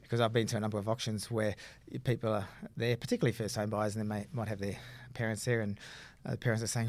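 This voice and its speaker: Fast-talking buyer's agent, rambling. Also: male voice, lowish voice, fairly even intonation. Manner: rambling, explanatory, frequent "you know" fillers. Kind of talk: casual podcast chat.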